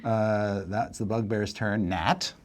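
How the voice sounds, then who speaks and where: A man serving as dungeon master, narrating a tabletop game in a relaxed, chuckling way with many fillers. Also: lowish voice, slow pace.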